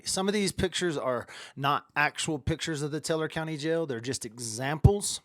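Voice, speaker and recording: A man's voice: mid-range voice, normal speed, fairly bright tone, no room sound. A man hosting a casual livestream, talking straight to his camera in a chatty, rambling storytelling way. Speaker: livestream host. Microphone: webcam or phone camera at close range.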